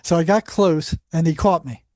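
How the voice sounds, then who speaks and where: A man who worked as a psychologist on a psychiatric unit, telling animated anecdotes in a casual interview with lots of restarts. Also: on the high side, normal speed, no echo, clean studio sound.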